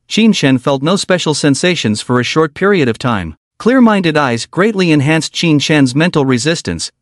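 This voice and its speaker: A man's voice: a little high, no room sound, studio quality. A man narrating a comic story recap in scripted storytelling style.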